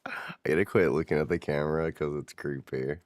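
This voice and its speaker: A man's voice: rumbling low, fairly even intonation, a little fast, no room sound. A man streaming a game, chatting casually with viewers and swearing offhand as he plays. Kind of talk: casual gameplay commentary.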